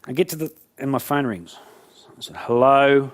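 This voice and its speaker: A man giving a talk, telling jokey stories in an animated way. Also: mid-range voice, brisk, husky. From Australia. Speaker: motivational speaker. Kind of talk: storytelling keynote talk.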